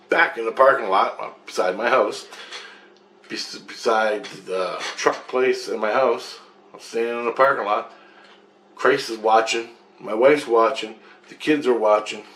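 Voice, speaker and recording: A man's voice: fairly low pitch, a little slow, fairly bright tone, a little hiss or hum, poor audio. A man telling a rambling first-person story with profanity and restarts. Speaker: vlogger.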